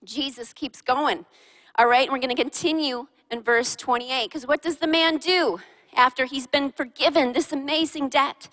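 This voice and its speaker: A woman preaching a sermon to a congregation in a church hall. She speaks in an animated way, firing questions at her listeners and teasing them. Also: high voice, moderate pace. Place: large church hall with a live and online congregation. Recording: long reverb of a large hall.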